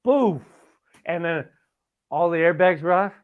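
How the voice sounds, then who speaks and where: Speaking a little fast in a mid-range voice, a Canadian man hosts a casual podcast chat and meanders through a long story. Swearing comes often, as does the tag "right?", and the recording has a tinny, phone-like quality.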